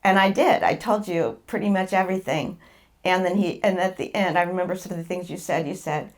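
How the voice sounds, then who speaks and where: A fairly quick, lowish voice belongs to a middle-aged woman recounting her own experience as a patient guest. It's candid storytelling that meanders, full of repeated words and laughter.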